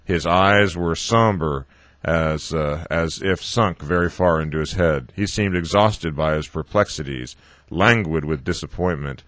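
A man reading a novel aloud, haltingly, often stumbling over words and correcting himself. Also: deep voice, fairly bright tone, no echo. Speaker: reader.

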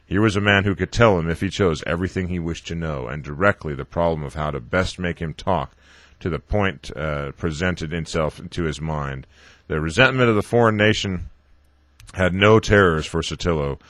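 A man reading a novel aloud, haltingly, often stumbling over words and correcting himself. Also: low voice, a bit bright, dry recording. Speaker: reader.

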